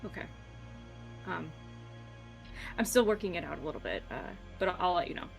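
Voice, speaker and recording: A woman voicing an awkward, caring young female adventurer, speaking softly and hesitantly in her own voice. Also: on the low side, animated, vocal fry, soft background music. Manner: hesitant, soft, halting.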